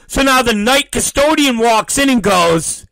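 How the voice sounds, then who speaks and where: A man hosting a talk show, telling a story in a profane, animated rant and acting out the people in it. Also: very high-pitched, a little slow, creaky, no room sound, rough recording. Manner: profane, acts out quoted voices. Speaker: podcast host.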